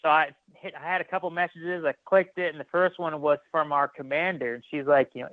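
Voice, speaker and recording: A man's voice: fairly high pitch, fairly quick, hardly any pauses, no echo. Guy guest telling war-ish stories, acts out the voices, dry tinny phone sound. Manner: animated, re-enacts dialogue, many restarts. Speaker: podcast guest, former military firefighter. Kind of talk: casual storytelling interview.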